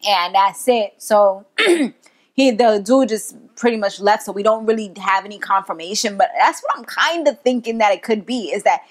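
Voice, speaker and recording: A woman's voice: mid-range voice, moderate pace. A young woman giving a casual, slangy recap of a TV episode, chatting and laughing as she goes. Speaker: TV show reviewer.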